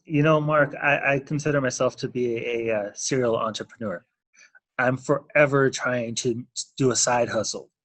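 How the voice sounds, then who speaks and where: A man's voice: mid-range voice, steady tone, moderate pace, a bit bright, no echo. Earnest middle-aged man, dry close sound. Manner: earnest, heartfelt, repeats words. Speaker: interview guest, notary signing agent. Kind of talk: emotional personal testimony.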